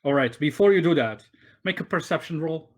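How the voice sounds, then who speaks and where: A man's voice: a little high, lively intonation, brisk. A man running a tabletop game over a voice call, narrating loosely with many fillers and restarts. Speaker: game master. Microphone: online voice call.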